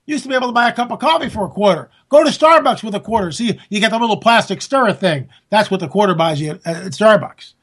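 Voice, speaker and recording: A man delivering a sarcastic, animated political monologue, talking straight to his listeners as folks. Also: high-pitched, fast talker, hardly any pauses, slightly rough.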